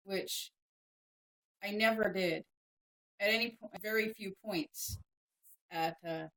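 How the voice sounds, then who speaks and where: A woman in her thirties, originally from Maryland, talking unhurriedly on a home livestream. Her pitch sits in an ordinary middle range. She speaks frankly, trailing off, restarting and correcting herself mid-sentence. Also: slow pace, rough recording. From Maryland, USA. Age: 30s. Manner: switches to high excited baby talk for her pets. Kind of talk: casual livestream chat.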